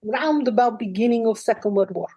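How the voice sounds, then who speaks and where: A woman channelling a calm, ancient spirit. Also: on the high side, breathy edge, no echo, rough recording. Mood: calm, measured. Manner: calm, measured, dryly wry. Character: ancient wise spirit speaking through a woman. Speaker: trance medium. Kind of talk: channelled trance talk.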